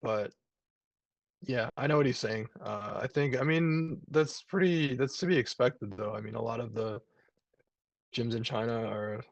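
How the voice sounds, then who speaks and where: A man's voice: medium pitch, unhurried, vocal fry, no room sound, highs cut off. A man, a jiu-jitsu brown belt, chatting casually over a video call, rambling with lots of fillers and restarts.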